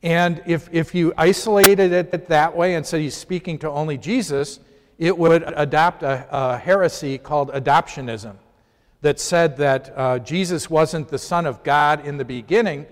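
Man, somewhat high voice, casual Bible class teacher quizzing his group, long hall reverb. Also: moderate pace. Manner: conversational, poses questions to the class. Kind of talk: informal Bible lesson.

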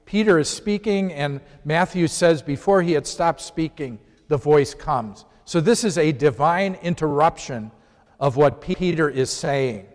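Man, somewhat high voice, casual Bible class teacher quizzing his group, long hall reverb. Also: a little slow. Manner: conversational, poses questions to the class. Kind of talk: informal Bible lesson.

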